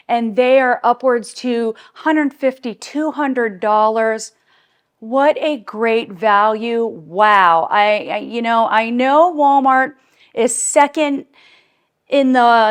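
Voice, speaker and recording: Bubbly middle-aged woman gushing over clothes. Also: a little high. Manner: bubbly, gushing, laughs often. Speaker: fashion vlogger. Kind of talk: casual try-on haul chat. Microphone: clip-on mic.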